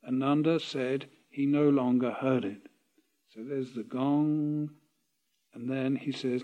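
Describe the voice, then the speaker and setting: A man reading a parable aloud and explaining it, slow and deliberate with pauses and self-corrections. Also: medium pitch, a little mellow, dull audio.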